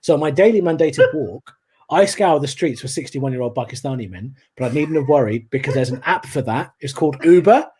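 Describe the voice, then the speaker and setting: A man doing a stand-up comedy set over a video call, animated and telling stories with acted-out voices. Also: a little high, brisk, slightly rough.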